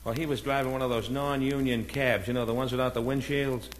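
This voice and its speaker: A comedian from Boston with a Boston accent, telling a string of stand-up jokes and punchlines, raising his voice when he plays the characters. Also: fairly even intonation. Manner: brisk storytelling with punchlines, voices the characters with a raised pitch. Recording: old comedy record with a noisy background.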